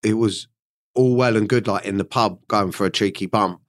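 A man hosting a podcast, asking questions in a blunt, relaxed way and swearing freely. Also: fairly low pitch, moderate pace. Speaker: podcast host. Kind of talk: casual interview chat.

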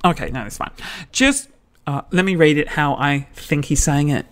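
A woman's voice: low voice, moderate pace. A woman, a comedian telling a rambling, self-mocking story on her podcast.

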